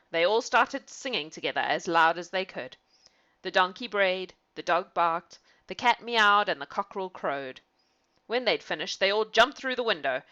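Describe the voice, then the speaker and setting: Woman reading a storybook out loud, bouncy, bright voice, kinda muffled. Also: mid-range voice. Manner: animated, with laughing asides.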